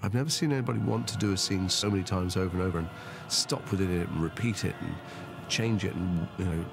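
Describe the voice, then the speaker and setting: A man's voice: sits low, fast talker, vocal fry. A man, a filmmaker, earnestly explaining the production in an interview. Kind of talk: interview commentary. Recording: interview with music under it.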